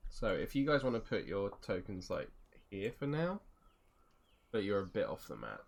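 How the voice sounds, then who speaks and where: A man running a tabletop game as game master, describing the scene with many pauses and fillers. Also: fairly low pitch, big pitch swings, creaky. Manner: hesitant, lots of fillers.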